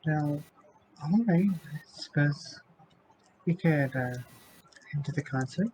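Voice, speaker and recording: A man's voice: on the high side, slow pace, mellow. Hesitant guy playing a tabletop game, noisy background on the mic. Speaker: player. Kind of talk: casual tabletop play.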